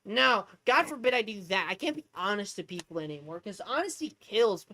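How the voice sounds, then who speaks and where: A woman streamer with a mid-range voice talks fairly quickly, launching into a casual rant. She tells rambling, animated stories full of profanity.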